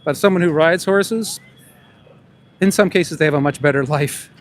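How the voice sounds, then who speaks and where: Outdoors by a park on a crowded city street, a man with a fairly high voice speaks at normal speed as he interviews passersby for his vlog. He is a street interviewer and animal rights activist, and he repeats the same question again and again.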